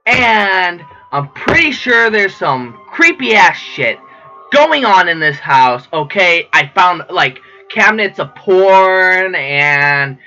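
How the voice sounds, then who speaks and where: Excitable, joking man gaming, bright voice. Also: sits high, takes it slowly. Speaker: gamer. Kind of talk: let's play commentary. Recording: dull lo-fi recording with faint game music.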